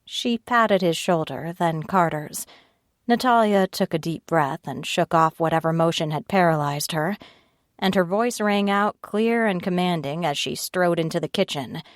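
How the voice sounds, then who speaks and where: A woman narrating an audiobook in first person, reading at a slow, steady pace and raising her pitch for the other characters' lines. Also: no room sound, clean studio sound, lightly acted. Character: tearful frightened young woman narrator, Ivy.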